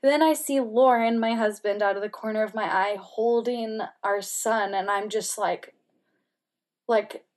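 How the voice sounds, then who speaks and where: A woman speaking as an interview guest, telling a personal story candidly with many "like" fillers and softening at times to a near-whisper. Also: medium pitch, unhurried. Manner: candid, heavy use of "like" fillers; emotional, drops to soft near-whispers.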